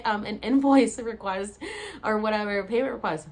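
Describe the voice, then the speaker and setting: A woman's voice: medium pitch, moderate pace, a little mellow. Chatty, tired woman in her thirties. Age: 30s. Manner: chatty, rambling, heavy use of "like" and "um". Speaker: vlogger. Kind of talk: casual storytelling to camera.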